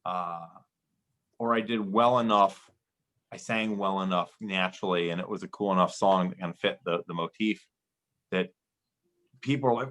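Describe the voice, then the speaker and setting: A man's voice: low-pitched, normal speed, long pauses, fairly bright tone, poor audio. Rambling man telling a story. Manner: rambling, lots of fillers and restarts. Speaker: podcast guest. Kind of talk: casual chat.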